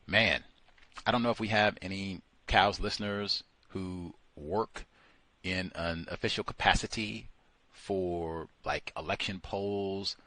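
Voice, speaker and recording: Animated man mocking in commentary. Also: sits low, slow pace, dry recording. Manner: lively, mocking, acts out voices in his own telling. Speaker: co-host of a call-in talk show.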